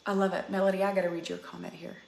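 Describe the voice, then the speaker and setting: A woman's voice: on the low side, little pitch movement, very fast, vocal fry, darkish tone, slight background noise. A woman in her thirties, a fitness coach, giving an earnest, chatty pep talk to her live-stream viewers and speaking right to them. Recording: roomy echo.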